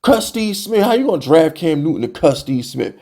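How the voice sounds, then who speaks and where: Young male fan-channel host, slightly high, mellow voice, heated exasperated rant. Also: a little fast. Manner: animated, exasperated, repeats "bro" and rhetorical questions.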